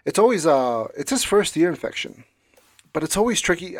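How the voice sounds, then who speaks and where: A man's voice: a little high, big pitch swings, normal speed, no echo. A man in his thirties hosting his own podcast from home, talking casually and rambling with fillers and restarts while he has a cold and a cough. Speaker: podcast host. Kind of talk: casual solo podcast talk.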